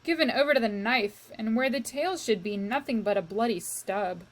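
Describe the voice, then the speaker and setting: Reading a children's novel to a class, a woman with a fairly high-pitched voice narrates in a slow, expressive way that addresses the reader directly.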